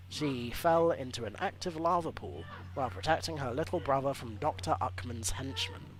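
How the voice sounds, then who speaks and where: A man's voice: medium pitch, normal speed, few pauses, low-quality recording. A man hosting a let's play, reading hero bios aloud and joking between them in a chatty way. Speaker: gaming channel host.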